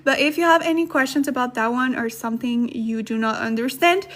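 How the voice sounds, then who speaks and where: A woman's voice: high voice, fairly bright tone. A woman teaching a beginner language lesson on a livestream, chatting with viewers and thanking them as she goes. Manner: chatty, thanks viewers, reads sentences slowly then fast.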